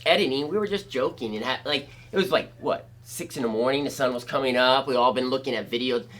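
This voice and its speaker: A man's voice: medium pitch, quick pace. A man from Pennsylvania, a former skateboarder, telling casual stories as a guest in a skate shop and acting out the people in them. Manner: animated, acts out voices in his stories. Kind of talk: casual storytelling.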